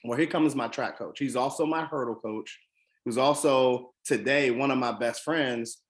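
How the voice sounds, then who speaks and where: A man from the Washington DC area tells a personal story to motivate his listeners. He speaks earnestly and emphatically, often pausing on "um" and restarting his sentences. His voice sits at an ordinary middle pitch.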